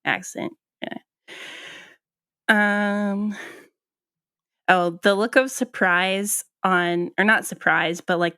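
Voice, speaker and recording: A woman's voice: mid-range voice, fairly bright tone, smooth, no echo, studio quality. A woman co-hosting a podcast in casual chat, hesitant with many ums and restarts. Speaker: podcast co-host.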